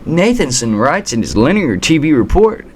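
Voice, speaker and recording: A man's voice: fairly high pitch, sing-song, normal speed, slight background noise. A man from the United States hosting a political commentary rant, combative and sarcastic, now and then stumbling over words and restarting. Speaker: commentary channel host.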